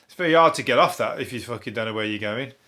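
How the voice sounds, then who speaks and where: Brummie comedian guy ranting about the news, loads of swearing, chuckles, goes off on tangents, middle pitched voice. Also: fast, pushed and bright. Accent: Birmingham. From Birmingham, England. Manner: sweary, laughing, digressive. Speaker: comedian host. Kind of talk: rambling comic news monologue.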